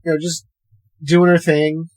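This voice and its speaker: A man co-hosting a podcast in a casual chat, recapping a film in an animated way, acting out the characters' lines and swearing freely. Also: on the high side, unhurried. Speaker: podcast co-host.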